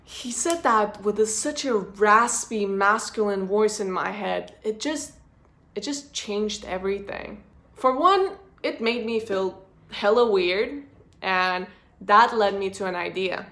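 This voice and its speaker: A woman's voice: mid-range voice, takes it slowly, a bit bright. A woman vlogger giving a frank, blunt personal monologue about human nature.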